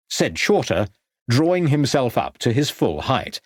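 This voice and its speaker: A man narrating a crime audiobook in a measured storytelling style. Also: medium pitch, sing-song, slightly rough, no room sound, clean studio sound. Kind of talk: scripted narration.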